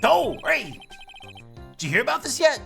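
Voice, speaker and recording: A gushing, gossip-loving southern woman, loud and twangy and eager to share rumors, put on by a woman playing a game. Her voice leaps high and low as she talks. Game music sits behind her. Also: big pitch swings, moderate pace, creaky, heavily acted. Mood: excited.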